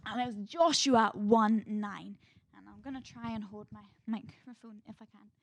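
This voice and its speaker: A woman leading a children's church lesson, playful and animated, guiding children through call-and-response memorization. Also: a little high, normal speed, no room sound. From Scotland.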